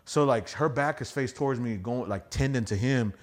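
A young man, a stand-up comic guesting on a podcast, telling wild party stories in a rambling, profane, animated way. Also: mid-range voice, moderate pace. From Houston area. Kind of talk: casual storytelling chat.

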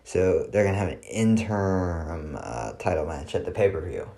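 A man with a very low voice talks through a wrestling show on his own. His recap is casual and dry, with sarcastic asides and plenty of filler words. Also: lively intonation, moderate pace, gravelly, warm tone.

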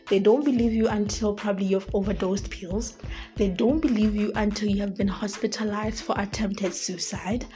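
A woman's voice: medium pitch, darkish tone. A woman hosting a podcast in a casual commentary monologue, emphatic and repeating her points while talking straight to her listeners. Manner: emphatic, repeats herself, addresses listeners as guys. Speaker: podcast host.

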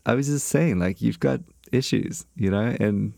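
Brief: male podcast host, lowish voice, rambling jokey chat, dry close sound. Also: normal speed, creaky, warm tone, dry recording. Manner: joking, rambling with many fillers. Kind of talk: casual chat.

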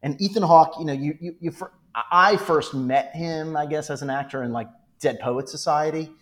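A man talking casually as a podcast guest, retelling film scenes in an animated, joking way. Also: a little high, normal speed. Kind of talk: casual movie podcast chat.

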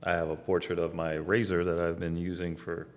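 A man in his forties with a very deep voice, talking calmly and evenly in a casual podcast chat. His humor is dry and understated. The room adds a long reverb. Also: brisk. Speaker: barber, podcast co-host.

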